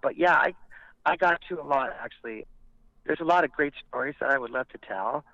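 A man's voice: fairly high pitch, fairly quick, dry recording, highs cut off. A male rock frontman from California telling stories in a casual interview, acting out what others said and swearing freely. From Montebello, California. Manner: animated storyteller, acts out quoted voices, swears casually. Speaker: rock band frontman, guest.

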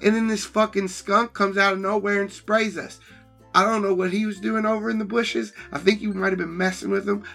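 A man's voice: high-pitched, little pitch movement, fairly quick, creaky, a bit bright, faint music behind. A man playing a tabletop role-playing game, telling his story in a rambling, sheepish way. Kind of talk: in-character tabletop role-play.

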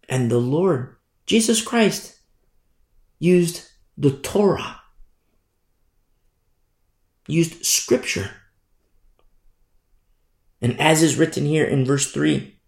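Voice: mid-range voice, takes it slowly, vocal fry, long pauses, roomy sound. A preacher teaching a Bible study sermon in an emphatic, repetitive way, raising the voice to stress points.

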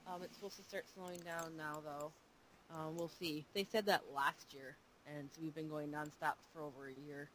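A woman co-hosting a casual podcast while sick, her voice deep and breathy, laid-back with short answers. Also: steady tone, normal speed, a bit bright, a little hiss or hum, low-quality recording. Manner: laid-back, laughs easily, brief answers. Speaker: podcast co-host. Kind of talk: casual chat.

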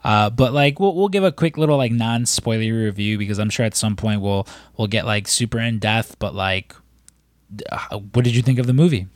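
A man's voice: lowish voice, a little fast, no echo. A man on a podcast telling a long, rambling story in casual chat, swearing and acting out what people said. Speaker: podcast co-host.

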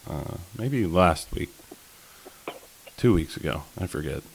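Deep-voiced man spinning a rambling story. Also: lively intonation, slow, vocal fry, slight background noise. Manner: rambling, many fillers and restarts. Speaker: podcast co-host telling a fishing story. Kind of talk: casual storytelling chat.

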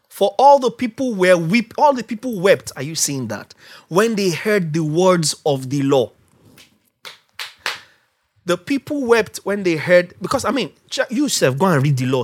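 A woman preaching a sermon, emphatic, asking the congregation questions and rising to shouts. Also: fairly low pitch, very animated, moderate pace.

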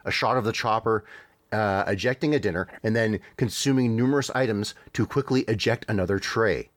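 A man's voice: on the low side, a little fast, dry recording. A man co-hosting a podcast in casual chat, describing a video clip in a wry, chuckling way with frequent fillers. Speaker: podcast co-host.

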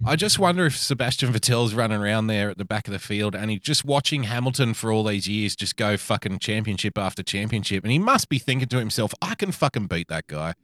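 A man's voice: on the low side, expressive, fast, hardly any pauses, a bit bright, dry recording, studio quality. A young man co-hosting a podcast, ranting bluntly and swearing often in casual banter. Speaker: podcast co-host.

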